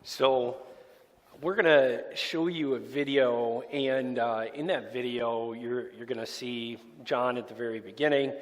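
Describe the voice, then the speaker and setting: A man leading a church interview, gently prompting his guest with a few fillers. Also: medium pitch, long reverb tail. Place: church sanctuary.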